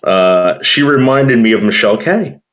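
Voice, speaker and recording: A man's voice: mid-range voice, animated, normal speed, fairly bright tone, dull audio. A man casually chatting and telling a rambling, profane story while reacting to viewer comments.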